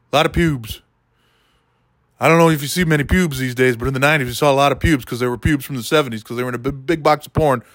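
A man doing a rambling, deadpan comedy monologue, talking to a listener by name as he goes. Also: mid-range voice, no room sound, clean studio sound. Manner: meandering, deadpan, keeps addressing a listener by name.

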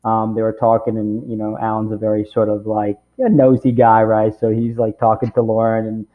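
This interview guest, a camp director in his forties, tells stories casually with a lowish, completely flat voice at a brisk pace. He rambles, packing his talk with "you know" and "right?", and the recording sounds tinny and phone-like.

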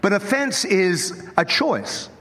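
A man with an Australian accent, the lead pastor, preaching an animated, joking sermon. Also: high-pitched, slow. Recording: long hall reverb.

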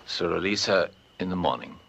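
An actor playing a stern police detective who gives curt orders, in a dubbed film. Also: male voice, deep voice, expressive, fairly quick, creaky, a bit bright, exaggerated voice. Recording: film soundtrack with faint background noise.

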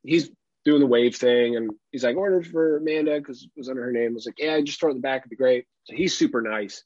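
Husky man telling animated stories. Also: mid-range voice, quick pace, no room sound, lo-fi sound. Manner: animated, acts out other people's lines, laughs often, swears casually. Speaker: podcast co-host. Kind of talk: casual storytelling chat.

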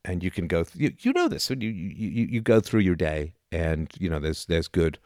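A man's voice: sits low, big pitch swings, moderate pace, darkish tone, no room sound, clean studio sound. A man explaining philosophy in unscripted talk, restarting and repeating words, often checking in with "right?". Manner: leans on rhetorical "right?" checks.

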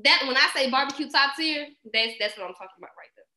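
A young woman chats casually as a podcast co-host. Her voice sits high and sounds bright and lively. She tells stories with animation and laughs often, and the room is echoey. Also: fast talker. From Houston, Texas. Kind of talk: casual chat.

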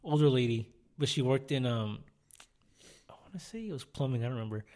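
A man's voice: mid-range voice, lively intonation, fairly quick, a little mellow. A man co-hosting a podcast, telling rambling everyday stories with lots of fillers and quoted remarks. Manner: rambling anecdotes, filler-heavy, quotes people. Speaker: podcast co-host. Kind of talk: casual storytelling.

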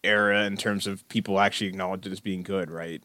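A young man in his twenties hosts a casual group podcast with a lowish voice. He talks loosely and mocks himself, often dropping into quiet asides. The sound is dry and close, with no room around it. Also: little pitch movement, quick pace, dry recording. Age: 20s. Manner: loose, self-mocking, trails off into quiet asides. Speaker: podcast host.

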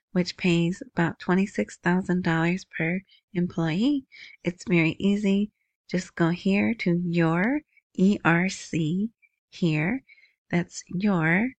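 A woman's voice: lowish voice, no room sound. A woman hosting a casual news commentary, chatty, who often asks "right?". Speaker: video host.

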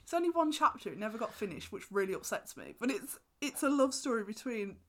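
A woman's voice: on the high side, big pitch swings, fast talker, fairly bright tone. Young woman gossiping on a podcast, laughs a lot, does little voices for quotes. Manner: chatty, giggly, acts out quotes in voices. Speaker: podcast co-host. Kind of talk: casual chat.

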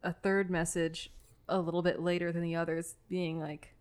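A woman playing in a tabletop game, describing her character's messages in a soft, unhurried way. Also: fairly low pitch, level tone, clean tone. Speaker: player.

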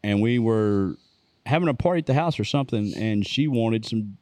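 A man telling a story in casual conversation, plain-spoken and relaxed. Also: on the low side, moderate pace, no room sound. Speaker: co-host.

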